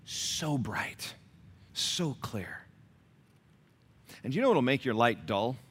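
A male pastor preaching a sermon, telling stories with lively swings from shouts to hushed whispers. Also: medium pitch, slow pace, slight background noise.

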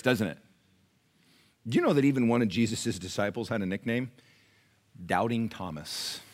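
Lively, bright-voiced male preacher. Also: mid-range voice. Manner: lively preaching with acted-out voices and calls to the congregation. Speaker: pastor. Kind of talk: sermon. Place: church.

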